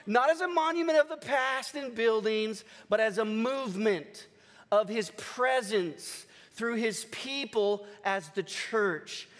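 A man preaching a sermon as pastor, energetic and rousing his congregation. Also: very high-pitched. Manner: energetic, leads the congregation in call-and-response cheers. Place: large church hall. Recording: long church hall reverb.

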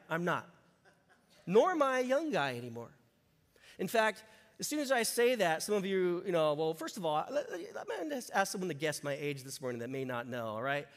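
A man delivers a lively sermon in a high, bright-pitched voice. He jokes and calls out to the congregation as he teaches. His words carry a long reverb through the church hall. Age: 50s. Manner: animated, humorous, talks to the congregation. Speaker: pastor. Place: church sanctuary.

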